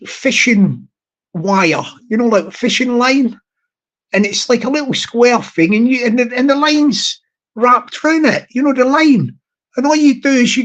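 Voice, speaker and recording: A man hosting a casual chat to his viewers, rambling, repeating words and hunting for the right ones, with frequent chuckles. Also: very high-pitched. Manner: chuckles often, jokingly mimics shouted lines. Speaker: YouTube channel host. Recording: dull lo-fi audio.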